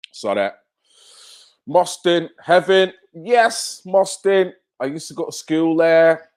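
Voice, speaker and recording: A man's voice: on the high side, slow pace. A man from North Manchester with a Mancunian accent, hosting a live stream and bantering with viewers in chat, swearing freely. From North Manchester, England. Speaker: livestream host.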